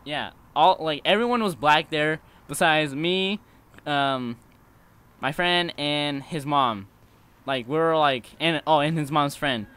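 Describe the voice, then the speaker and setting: A man's voice: on the high side, slow pace, pushed and bright, smooth. A teenage boy telling a story casually, swearing and laughing as he goes.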